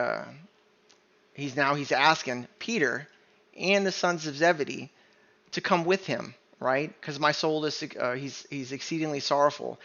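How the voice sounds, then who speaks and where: Man, online Bible teacher, emphatic and insistent, gravelly, muffled home recording. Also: a little high, bright, forceful tone. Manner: emphatic, keeps asking "right?". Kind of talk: screen-share Bible study sermon.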